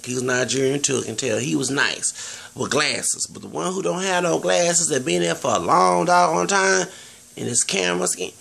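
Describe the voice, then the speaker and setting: Texan guy w/ a real gravelly voice, rambling on earnestly to camera, lots of restarts. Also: on the high side, moderate pace, fairly bright tone. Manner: earnest, digressive, many restarts and fillers. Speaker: vlogger.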